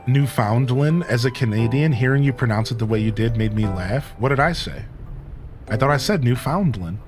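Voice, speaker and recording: A man's voice: mid-range voice, lively intonation, normal speed, music in the background. A man from Ohio with a Midwestern accent, a streamer chatting playfully with his live chat while he plays, teasing and laughing often. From Ohio, USA.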